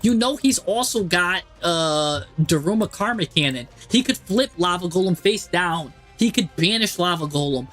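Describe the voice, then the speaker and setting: A man streaming live, commentating a card game match and talking to the players on screen in an exasperated, animated way. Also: sits high, normal speed, hardly any pauses, faint music behind.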